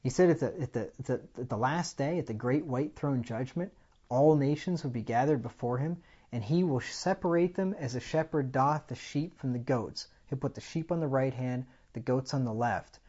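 A man preaching a sermon with animated delivery, rising loud on key points and asking the congregation rhetorical questions. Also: mid-range voice, normal speed, breathy edge, lo-fi sound.

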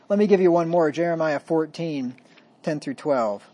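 A man preaching a sermon, reading verses with raised emphasis and dropping to low, folksy asides. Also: normal speed, warm tone. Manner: folksy, self-deprecating asides.

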